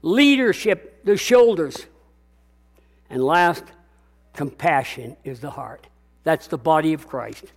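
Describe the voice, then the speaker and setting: A man's voice: on the high side, expressive, slow pace, vocal fry, pauses often. An older man preaching a sermon as pastor, emphatic and repetitive, calling out to his congregation.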